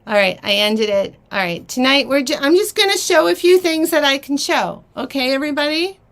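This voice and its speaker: A woman hosts a live stream auctioning vintage jewelry, chatting casually in a flustered, rambling way, laughing often amid fillers and restarts. Her voice is high and slightly bright, with lively intonation and a fairly quick pace.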